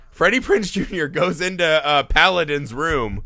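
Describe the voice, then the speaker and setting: Bright, animated male podcast co-host. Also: on the high side, moderate pace, few pauses, dry recording. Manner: animated, profane, laughing, slips into mocking voices. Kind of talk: casual film review chat.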